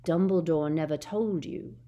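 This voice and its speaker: A scheming storybook villain drawls his words slowly and softly, savoring every threat, as a woman reader puts him on. His voice sits low and hushed. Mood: gloating. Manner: slow, smooth and malicious. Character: cold, scheming grown man, masked villain.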